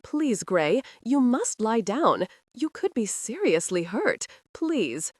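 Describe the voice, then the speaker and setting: A woman's voice: a little high, sing-song, takes it slowly, darkish tone, no echo, clean studio sound, full character voice. A woman narrator voicing a bold, scornful young heroine in disguise, speaking cheekily. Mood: cheeky.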